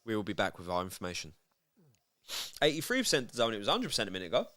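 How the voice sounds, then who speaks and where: A man co-hosting a casual fight watchalong, firing off quick comebacks. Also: on the low side, huge pitch swings, fairly bright tone. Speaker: co-host.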